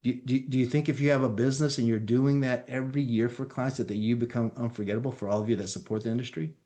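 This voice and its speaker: A man giving an energetic training presentation as a company founder, talking directly to his audience. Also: mid-range voice, fast. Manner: energetic, addresses audience as folks.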